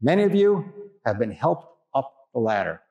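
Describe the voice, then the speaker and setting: A man's voice: medium pitch, very animated, moderate pace, mellow, muffled recording. An older man from Brooklyn, a priest telling a folksy story in a chatty sermon full of asides. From Brooklyn, New York. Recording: echoey hall with long reverb.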